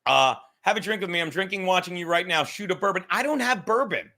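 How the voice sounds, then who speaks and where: Fast and animated, a man with a bright, high voice runs a livestream podcast from a desk mic. His talk is casual and rambling, packed with profanity and jokes aimed at his viewers.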